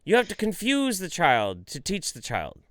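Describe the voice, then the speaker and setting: A man's voice: on the high side, measured pace, no echo. A man cohosting a podcast in loose, comic chat. His voice swings widely up and down as he tells stories, and it sounds dry and close to the mic. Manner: animated, puts on silly voices in his stories, swears a lot. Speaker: podcast co-host. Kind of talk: casual comedic chat.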